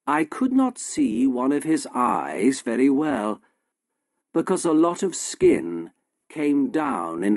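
Slow, gravelly male storyteller. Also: medium pitch, a little mellow, no echo, studio quality. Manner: slow, simple, deliberate storytelling. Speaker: narrator. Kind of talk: scripted audiobook narration for English learners.

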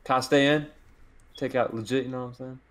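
A man's voice: mid-range voice, steady tone, quick pace. A man competing in an online dating game, talking in brash, crude trash talk. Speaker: dating contestant. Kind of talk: casual group chat.

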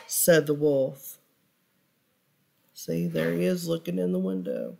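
A woman reading a children's picture book aloud for storytime, pausing to ask her listeners questions. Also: deep voice, wildly swooping pitch, gravelly, mellow.

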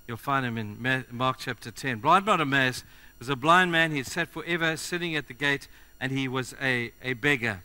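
A man preaching a sermon to his congregation, speaking directly to them and moving between loud urgency and quiet earnestness. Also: medium pitch, smooth.

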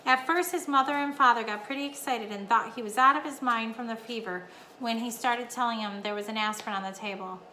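A woman's voice: a little high, brisk, sharp tone. A woman voicing a small young male mouse who proudly brags about his adventure. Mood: boastful. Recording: echoey room, faint hum.

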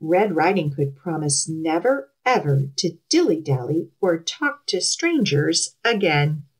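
A woman librarian hosting a children's storytime, reading a fairy tale aloud with an expressive, animated storyteller's manner, outdoors in a garden. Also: low voice, measured pace, husky, poor audio.

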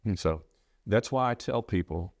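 A low-voiced middle-aged man speaks with earnest, halting sincerity, often stumbling and restarting mid-thought. He sounds like a preacher recounting something personal. The recording is dry and close, with no room sound. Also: expressive, no echo. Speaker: preacher sharing his loss. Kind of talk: reflective interview talk.

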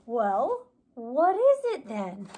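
A woman's voice: fairly high pitch, huge pitch swings, drawn-out words, dark tone, pitched below the performer's own voice, full character voice. A woman as a curious questioning voice.

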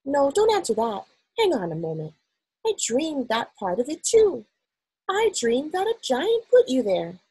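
A woman reading aloud, voicing a startled but commanding queen who speaks sharply and with regal crispness. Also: sits high, huge pitch swings, a little slow, dark tone, voice pushed up, full character voice.

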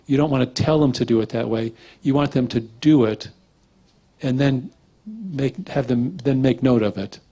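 A man lectures on structural integration in a relaxed, rambling way, at an ordinary middle pitch. He drifts into stories and acts out what his clients say. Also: normal speed, husky. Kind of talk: casual lecture with anecdotes.

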